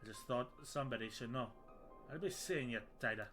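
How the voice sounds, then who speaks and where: A man voicing a blunt, worried male mercenary captain in a put-on rough British-style accent, reading game dialogue in a gruff, slangy way. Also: medium pitch, brisk, a bit bright, soft background music, natural voice. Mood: gruff, confiding.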